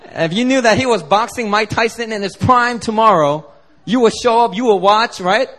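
A man preaching a sermon as pastor, telling a lively, joking story to the congregation. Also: high voice, normal speed. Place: church service.

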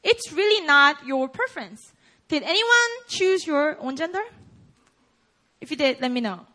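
A young woman preaches a sermon in a bright, high voice that leaps up and down with animation. She jokes with her listeners, laughs easily and keeps asking the congregation questions. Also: lively intonation, a little slow. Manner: playful, laughing asides to the congregation; asks the audience questions. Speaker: pastor.

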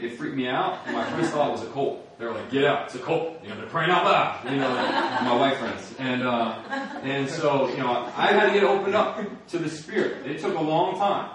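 A man's voice: mid-range voice, fairly quick, hardly any pauses, a bit bright. A young man giving an earnest testimony sermon, telling his story and acting out his prayers with laughs. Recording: echoey hall from far off.

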